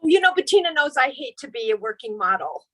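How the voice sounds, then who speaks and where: A woman's voice: high voice, big pitch swings, fast, sharp tone, poor audio. A woman guest on a video call who speaks in a wry, reluctant way. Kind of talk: casual video-call chat.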